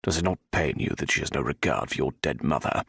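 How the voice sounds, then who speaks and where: A man's voice: rumbling low, quick pace, creaky, fairly bright tone, husky, dry recording, clean studio sound, voice pushed down, heavily acted. A man voicing a scheming older viscount who huffs with cold contempt. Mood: disdainful. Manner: huffing, contemptuous.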